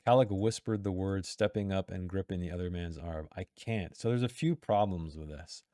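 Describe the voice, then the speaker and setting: A man's voice: deep voice, moderate pace, dark tone, no echo, studio quality. A man talking through editing notes in a casual, chatty way, breaking off mid-sentence and reading passages aloud. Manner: chatty, self-interrupting, reads passages aloud. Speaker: writer giving editing critique. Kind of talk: casual critique reading from a text.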